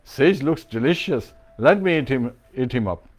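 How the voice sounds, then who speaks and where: A man's voice: mid-range voice, lively intonation, normal speed, natural voice. A man voicing a hungry, greedy male tiger in a spoken parable, musing about his meal.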